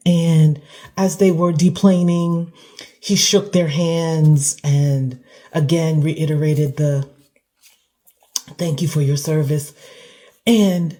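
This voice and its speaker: A woman talking through an emotional reaction, halting and clearing her throat at times. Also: low voice, fairly even intonation, dark tone. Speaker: commentator.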